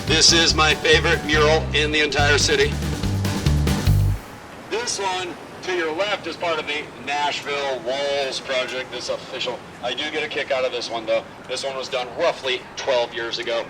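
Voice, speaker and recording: A man leading a walking tour outdoors, telling stories in a lively, joking way. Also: mid-range voice, moderate pace, over music. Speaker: tour guide. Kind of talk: guided walking tour talk. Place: outdoors on a city street. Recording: distant outdoor mic, faint street noise.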